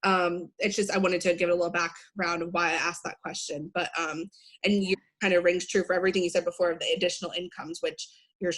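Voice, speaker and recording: A woman's voice: on the low side, little pitch movement, fast talker, fairly bright tone. A woman hosting an interview, enthusiastic and rambling, full of fillers. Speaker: interview host. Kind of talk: casual interview over video call.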